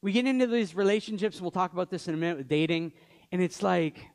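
High-voiced joking male pastor. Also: quick pace, a little mellow. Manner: conversational, joking asides. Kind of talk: sermon.

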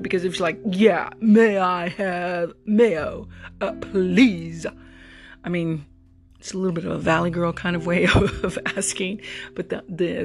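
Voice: medium pitch, vocal fry. A rideshare driver talking through a casual, reflective monologue, often repeating words while searching for the next thought. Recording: guitar music playing under the voice. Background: guitar music.

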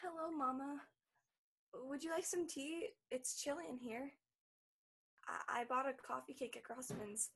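An actress playing a childlike grown woman who pleads with her stern mother in an earnest, halting way. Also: sits high, fairly even intonation, a bit bright. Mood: subdued. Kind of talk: stage drama acting.

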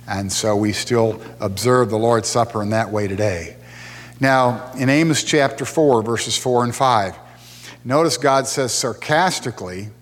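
Man teaching a sermon in a reverberant hall. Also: medium pitch. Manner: conversational, explains verses and reads scripture aloud. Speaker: pastor.

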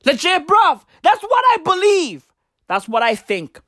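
A woman's voice: very high voice, sing-song, a little slow, fairly bright tone, no room sound, studio quality. A woman delivering a crude, rambling, profane comedic rant in slangy bro talk.

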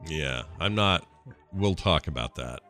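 A man's voice: very deep voice, expressive, unhurried, sharp tone, soft background music. A middle-aged man hosting a podcast in easygoing, rambling casual chat. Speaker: podcast host.

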